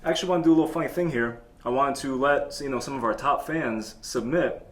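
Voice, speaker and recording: A man's voice: medium pitch, quick pace, crowd noise. Boastful male talk-show host, echoey room. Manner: deadpan, boastful tall-tale telling. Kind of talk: comedic storytelling.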